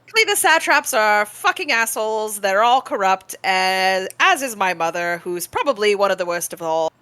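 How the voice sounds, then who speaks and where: A woman's voice: mid-range voice, animated, moderate pace, pushed and bright, clean tone, no room sound. A woman tabletop player who chats casually, rambles through lore explanations and swears freely.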